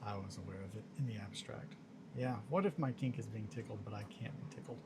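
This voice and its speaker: A man's voice: lowish voice, a little fast, noisy background. A man chatting casually on a hobby stream in a rambling, self-amused way while he works on miniatures.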